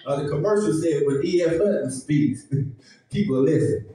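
A man with a high voice and a dark, mellow tone preaches to his congregation in an emphatic, folksy way. He is heard from some distance in a very echoey church sanctuary. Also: normal speed. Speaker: pastor. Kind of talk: sermon.

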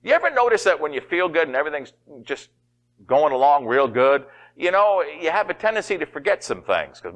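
A middle-aged man preaching a sermon as pastor, folksy and animated, often laughing and acting out quotes. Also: fairly high pitch, fairly quick.

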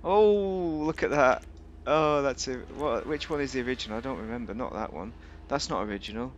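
A man's voice: mid-range voice, a little fast, fairly bright tone, muffled recording, a little hiss or hum. A man giving rambling, joking commentary while reviewing a video game. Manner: rambling, chatty, jokey asides. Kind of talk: casual gameplay commentary.

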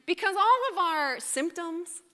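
A woman preaches to her congregation in a chatty, animated way, often turning to them with a quick question. Her voice is high and bright. It rings with the long reverb of a large church hall. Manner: animated, conversational, asks the congregation "right?". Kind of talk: sermon. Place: church sanctuary. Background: congregation responding.

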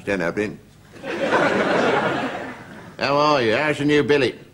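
A man's voice: mid-range voice, lively intonation, slow. A man voicing a twitchy sergeant major who mutters a nervous catchphrase under his breath. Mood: chummy. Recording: hissy old TV recording.

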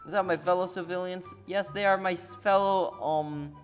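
A man's voice: high-pitched, steady tone, normal speed, faint music behind. A man giving casual, jokey gameplay commentary, laughing and swearing often. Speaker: gamer.

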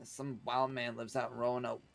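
A man's voice: medium pitch, flat delivery, moderate pace, gravelly, crowd noise, lightly acted. A man playing a wounded frontiersman in a western role-play game, dry and weary in tone.

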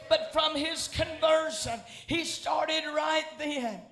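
A man preaching a shouted revival sermon in a rhythmic, repetitive, chanting cadence. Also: very high voice, takes it slowly, hardly any pauses, a crowd in the background. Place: church sanctuary. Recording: echoey church with faint music.

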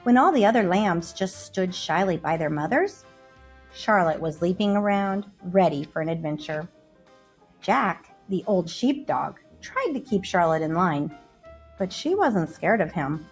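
Lively woman reading a storybook. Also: fairly low pitch, a little slow, soft background music. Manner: expressive and lively. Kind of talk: children's storybook read-aloud.

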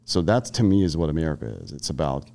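Here the Carolinas army veteran, a man in his thirties on a podcast, talks in an animated bass voice with a warm tone and quick pace. The conversation is casual, blunt and profane, and his storytelling is marked by frequent restarts.

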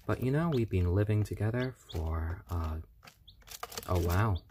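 A man chatting on a live stream in a calm, soothing way, often talking gently to baby chicks. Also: deep voice, a little slow, slight background noise. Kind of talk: casual live-stream chat. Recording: chirping baby chicks behind.

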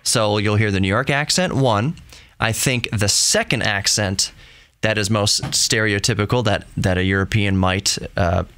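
Chatty radio-style podcast host, dry mic. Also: male voice, lowish voice, a little slow, a bit bright, smooth, no room sound. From Texas. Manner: chatty, rambling, self-deprecating. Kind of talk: casual solo podcast monologue.

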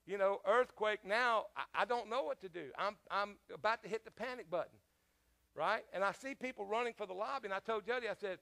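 A man's voice: sits high, a little fast, creaky, pushed and bright. A man preaching a sermon as pastor, telling a personal story in a conversational way, with frequent fillers and questions to the congregation.

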